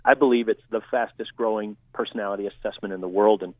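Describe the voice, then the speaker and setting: A man's voice: on the low side, fast talker, dry recording. Male trainer on a tinny phone line. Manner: steady, explanatory teaching tone. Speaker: guest communication trainer. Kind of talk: interview answers.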